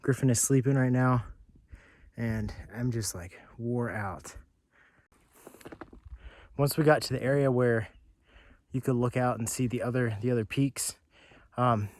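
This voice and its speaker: A man's voice: mid-range voice, dry recording. Worn-out man vlogging on a mountain summit. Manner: earnest, plain-spoken, tired. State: out of breath. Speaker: travel vlogger. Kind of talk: casual hiking vlog. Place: outdoors on a mountain.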